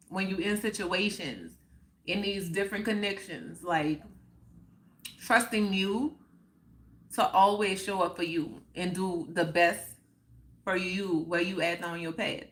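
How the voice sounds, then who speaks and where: Slow, reflective woman live streaming. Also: mid-range voice, fairly bright tone. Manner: reflective, unhurried, peppered with "like" and "oh my goodness"; emotional, reacting to viewers' comments. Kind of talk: casual live stream chat.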